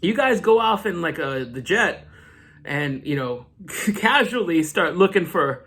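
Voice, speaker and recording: A man's voice: high-pitched, animated, unhurried, fairly bright tone, husky, exaggerated voice. Male reader voicing a flustered genius hero, casual offhand paraphrase.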